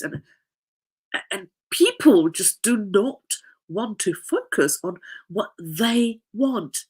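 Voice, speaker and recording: A woman's voice: medium pitch, big pitch swings, takes it slowly, slightly rough. A woman life coach in casual podcast chat, nasal and congested from a cough, rambling and laughing often.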